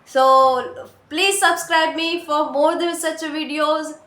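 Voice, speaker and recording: A woman with an Indian accent talking earnestly to her camera, encouraging learners and pausing often on "uh" fillers. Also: high voice, fairly even intonation, a bit bright. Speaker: English-learning vlogger. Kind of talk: casual talk to camera. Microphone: phone or camera mic. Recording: echoey room.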